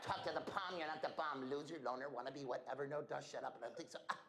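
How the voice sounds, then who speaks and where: A man's voice: medium pitch, fast talker, voice pushed down, lightly acted. Sassy slangy schoolgirl, as a man puts her on. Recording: echoey hall, loud background noise.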